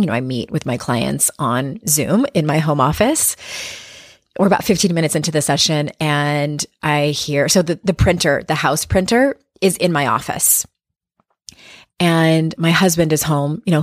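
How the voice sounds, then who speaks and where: A woman with a low, grounded voice talks through her podcast in a candid, chatty way. She is a life coach, speaks plainly and swears without fuss. The sound is dry and close, with no room around it. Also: dry recording. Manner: candid, conversational, swears freely. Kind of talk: casual podcast monologue. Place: home office.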